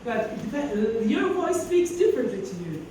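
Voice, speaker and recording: A woman's voice: on the high side, big pitch swings, measured pace, noisy background. A woman giving a motivational keynote to teachers, sassy and preacher-like, calling out to her audience in a school hall. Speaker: keynote speaker. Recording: very echoey hall recorded from a distance.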